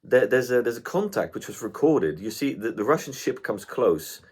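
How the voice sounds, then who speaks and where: A man's voice: medium pitch, big pitch swings, moderate pace, darkish tone, slightly rough. A man co-hosting a podcast in casual chat, telling stories and swearing freely. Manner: chatty storyteller, swears freely. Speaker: podcast co-host.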